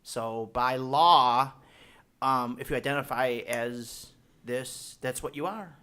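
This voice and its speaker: A man's voice: mid-range voice, slow pace, clear, resonant tone. A young man, a podcast guest, telling jokey stories in casual chat. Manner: animated, jokey, puts on voices in anecdotes. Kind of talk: casual comedic storytelling.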